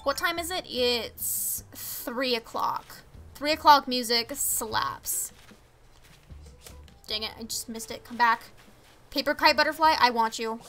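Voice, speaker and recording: Bubbly high-voiced teen girl streamer. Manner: chatty, excitable, reads chat aloud. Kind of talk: casual game stream chat.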